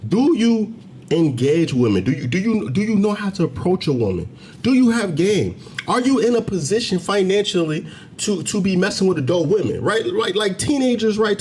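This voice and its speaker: A man talking straight to the camera in a commentary video, emphatic and preachy, climbing to loud, heated peaks as he argues. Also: high voice, slight background noise. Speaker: commentary channel host. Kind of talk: direct-to-camera commentary rant. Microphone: camera mic, facing camera.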